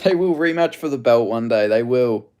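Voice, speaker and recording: A man's voice: mid-range voice, animated, moderate pace, a little mellow, muffled recording. A man, ranting and swearing indignantly as he hosts a live watch-along stream. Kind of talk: live stream reaction commentary.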